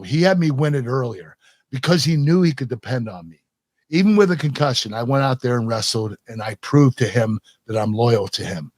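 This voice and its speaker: A man's voice: medium pitch, a little mellow, no echo, studio quality. A man in his fifties with an American accent, a guest telling stories in a casual interview, laughing often and acting out quoted lines. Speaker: guest, retired pro wrestler.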